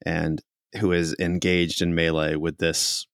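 Deep-voiced man running a tabletop game. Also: flat delivery, vocal fry, smooth, no echo, studio quality. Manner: casual, halting, many restarts. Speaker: game master.

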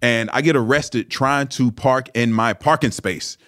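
A man in his thirties or older, a former pro football player, telling a story as an interview guest in a casual, animated way, with lots of "you know" fillers and restarts. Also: medium pitch, a little slow. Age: 30s or older.

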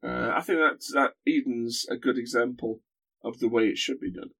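A man guesting on a podcast, in casual chat, talking in an animated way with frequent restarts and self-corrections. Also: mid-range voice, normal speed, gravelly.

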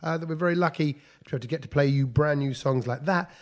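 A man co-hosts a radio chat, his voice set high and his delivery rapid. He tells stories animatedly, slipping into impressions of strangers he overheard and laughing along the way. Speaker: radio co-host. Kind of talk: casual studio banter.

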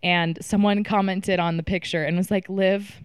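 A woman co-hosting a casual chat show, chiming in often with quick agreement and her own stories. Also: on the low side, fairly even intonation, smooth, dry recording, clean studio sound. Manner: chatty, chimes in with quick agreement. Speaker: podcast co-host.

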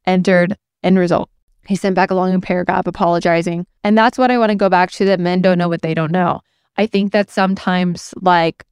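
A woman coach speaks straight to other women in a candid, affirming motivational talk. Her voice is very smooth and clear, with a gravelly fry edging into her phrases. She keeps it casual and scattered with fillers, and the sound is close and dry. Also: medium pitch, no room sound.

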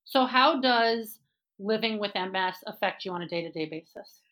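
A woman's voice: medium pitch, moderate pace, a bit bright. A woman hosting an interview, asking questions and affirming her guest supportively. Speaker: podcast host.

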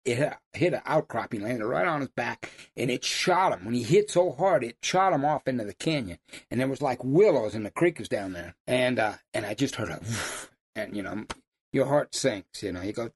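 An older man, telling hunting stories in a folksy, animated way. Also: medium pitch, brisk, vocal fry, husky. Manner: folksy, animated storyteller who laughs at his own stories. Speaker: lion hunting guide. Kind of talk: casual storytelling.

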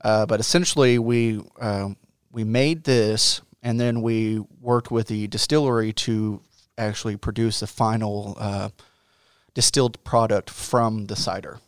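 A man, a guest maker, describing his product in casual chat, halting with many fillers. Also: lowish voice, fairly even intonation, smooth, dry recording, studio quality. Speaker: guest brewer.

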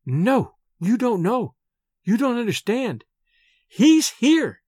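A man reading aloud and voicing an earnest, refined young woman who speaks in a hurried, pleading way. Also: sits high, sing-song, no room sound, studio quality. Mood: anxious.

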